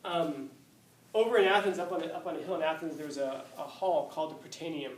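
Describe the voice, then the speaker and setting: A male teacher telling a story in a casual, joking lecture, with slang and quick asides. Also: on the high side. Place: classroom. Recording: echoey classroom, far mic, faint hiss.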